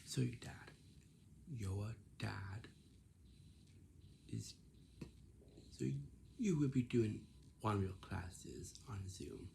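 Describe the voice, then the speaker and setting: A man's voice: lowish voice, very slow, gravelly, long pauses, dark tone, a little hiss or hum. A man talking casually in a rambling way, repeating himself and coaxing his listener with questions. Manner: repetitive, coaxing questions with many restarts.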